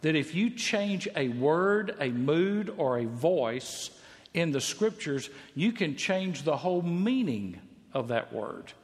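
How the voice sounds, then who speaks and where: A man's voice: fairly high pitch, big pitch swings, slow pace. A man preaching a sermon, emphatic, repeating key phrases for stress. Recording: long reverb of a large hall.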